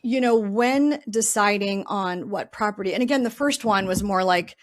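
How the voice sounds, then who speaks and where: A middle-aged woman talking through her ideas in a relaxed podcast interview. She is chatty, loose and reflective, and she thinks aloud with frequent "um" and "you know.". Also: medium pitch, moderate pace. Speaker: podcast guest, real estate investor. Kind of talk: casual interview talk.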